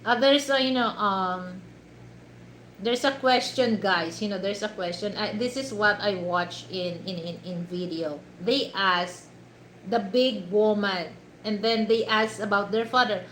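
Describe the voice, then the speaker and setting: A woman's voice: mid-range voice, a little slow, fairly bright tone. Filipino lady host rambling on a live stream, lots of um and you know, faint hum behind. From Philippines. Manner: rambling, many fillers and restarts. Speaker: livestream host. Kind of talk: casual livestream chat. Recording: echoey room.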